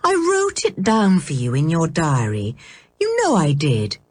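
A woman reading a storybook, voicing a caring middle-aged aunt who gently scolds and worries. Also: low voice, huge pitch swings, unhurried, slightly rough, no room sound, heavily acted. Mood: worried. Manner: gentle and reproachful.

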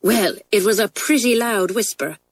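A woman reading a storybook and voicing a lively, cheeky schoolgirl who talks in a cheerful hurry. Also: mid-range voice, normal speed, voice pushed up, lightly acted.

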